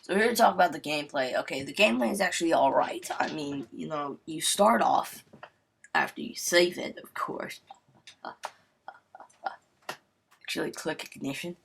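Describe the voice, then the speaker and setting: A man's voice: a little high, moderate pace, vocal fry, long pauses, a bit bright, a little hiss or hum. A man giving a casual, rambling game review voice-over, joking irreverently and filling gaps with "I mean, you know". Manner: wisecracking, irreverent.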